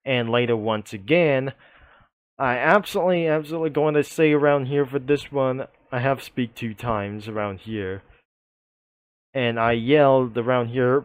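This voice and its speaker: Slow, rambling man narrating. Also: medium pitch, no room sound. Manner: rambling and repetitive. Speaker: storyteller. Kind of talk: narrating a comic story.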